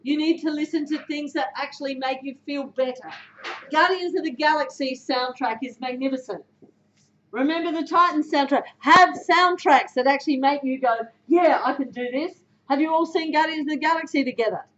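A woman's voice: high voice, a little fast, a bit bright, a little hiss or hum. An Australian woman giving a motivational talk to a sports club, direct and emphatic, often putting questions to her listeners. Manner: direct, emphatic, quizzes the audience. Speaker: guest speaker. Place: club room before a team. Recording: echoey room, dull sound.

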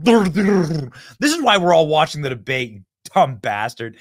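A man hosting a political commentary show, reacting to news clips in a mocking, emphatic way that swings between loud and quiet. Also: fairly high pitch, big pitch swings, moderate pace, no room sound, studio quality. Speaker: show host.

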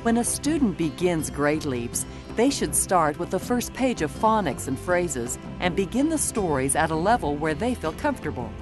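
A woman reading scripted documentary narration in a measured, explanatory way, recorded as a studio voice-over. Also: sits low, big pitch swings. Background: background music.

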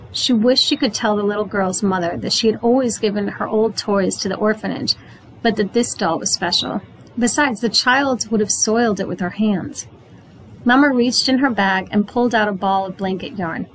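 A woman reading a chapter book aloud to young listeners, at a steady, clear pace. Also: medium pitch, a little hiss or hum, rough recording. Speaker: read-aloud narrator.

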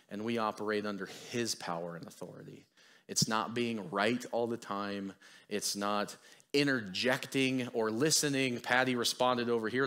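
A young man giving a casual, chatty sermon as a guest preacher, self-deprecating and quick to laugh. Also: medium pitch, fairly bright tone.

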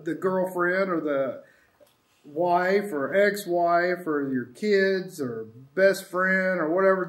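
A man's voice: high-pitched, echoey room. A man hosting a casual spiritual talk, rambling and reflective in an easygoing way. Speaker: host. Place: sanctuary room with friends.

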